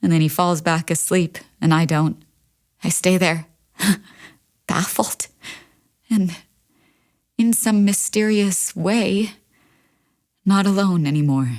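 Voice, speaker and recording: A woman performing a staged reading of a play as a monologue, wry and anxious, moving between brisk lists and hushed, confessional passages, recorded in a studio. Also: fairly low pitch.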